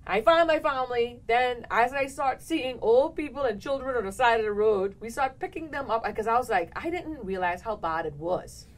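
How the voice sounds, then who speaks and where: Lady hosting a chat show, tells stories all animated, voice on the higher side. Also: moderate pace, few pauses, rough recording. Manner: animated, laughing, acts out quotes. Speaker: talk show host. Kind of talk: casual storytelling chat.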